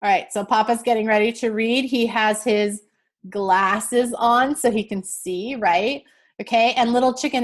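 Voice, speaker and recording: A woman teacher reads a picture book slowly with young learners, explaining words as she goes. Her voice is a little high, her delivery slow and clear, and she checks in often with "okay?".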